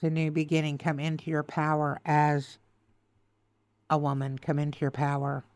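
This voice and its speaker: A woman's voice: deep voice, monotone, normal speed, a little mellow, no echo. A woman giving a tarot reading, choked up and tearful, repeating soothing affirmations. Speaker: tarot reader.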